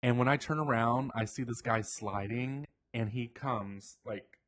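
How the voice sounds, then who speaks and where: A man co-hosting a podcast, chatting casually and telling a story with lively acted-out quotes. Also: medium pitch, unhurried. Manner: animated storyteller, acts out quoted voices. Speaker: podcast co-host. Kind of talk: casual chat.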